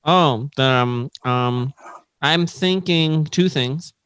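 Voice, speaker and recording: A man's voice: a little high, a bit bright, clear, resonant tone, dry recording. A man co-hosting a comedy podcast, laughing often and riffing on crude jokes. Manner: laughs a lot, drawn-out slow delivery. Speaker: podcast co-host.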